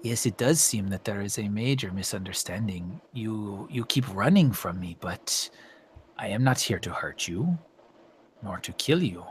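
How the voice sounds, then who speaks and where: A hushed, scheming alien woman, as a man puts her on for a tabletop game. She has a put-on foreign accent and speaks in quiet, measured, half-whispered tones. Her voice sits a little lower and softer than the game master's own. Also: expressive, slight background noise. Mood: persuasive. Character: smooth-talking female alien majordomo, calm and scheming.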